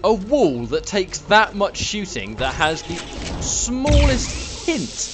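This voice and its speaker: A man's voice: high voice, sing-song, unhurried, very noisy. A young man commenting on his gameplay, getting frustrated and swearing while he talks to his viewers. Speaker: let's play gamer. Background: game music.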